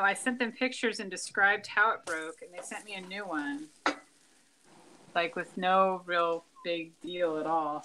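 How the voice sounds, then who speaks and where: Relaxed woman on a noisy line. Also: mid-range voice. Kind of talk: casual chat.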